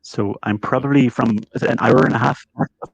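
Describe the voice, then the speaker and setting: A Northern Irish man, an English teacher, chatting on a video call in a relaxed, jokey, self-mocking way. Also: mid-range voice, brisk, vocal fry, dry recording. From Northwest of Ireland, Derry. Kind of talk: casual conversation on a video call.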